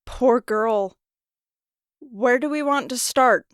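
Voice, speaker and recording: A man voicing a sharp, determined young woman detective with a dry, teasing edge. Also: extremely high pitch, slow pace, smooth, no echo, voice pushed up, heavily acted.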